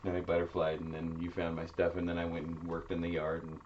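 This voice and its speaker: Very deep-voiced man, dry joking co-host. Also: monotone, quick pace. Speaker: podcast co-host. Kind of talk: casual chat. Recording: muffled audio with faint hiss.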